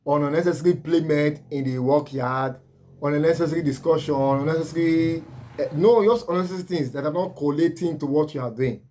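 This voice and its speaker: A man's voice: a little high, brisk, mellow, a little hiss or hum. A man with a Nigerian accent, a laundry business owner giving earnest, repetitive advice to camera.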